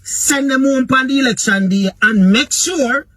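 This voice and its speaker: A man's voice: extremely high pitch, measured pace, fairly bright tone, no echo. A man with a Jamaican accent giving an impassioned political rant, preachy and repeatedly calling out to his listeners. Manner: preachy, keeps addressing his listeners directly. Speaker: political commentator.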